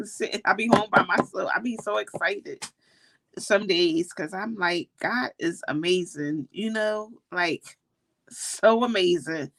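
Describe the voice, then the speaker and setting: A woman's voice: mid-range voice, slow, creaky, a bit bright, slight background noise. A woman chatting casually from home on a livestream, rambling with many "you know"s and laughing often. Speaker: livestream host. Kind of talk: casual heartfelt livestream chat. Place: at home, indoors.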